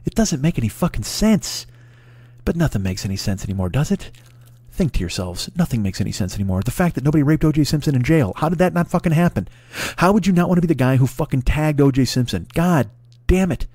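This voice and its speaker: A man's voice: a little high, lively intonation, fast talker, a little mellow, no echo. A man in his forties delivering a solo comedic podcast monologue, ranting and swearing freely, chuckling and restarting sentences as he riffs. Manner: profane, ranting, riffing with laughs and restarts. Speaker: podcast host.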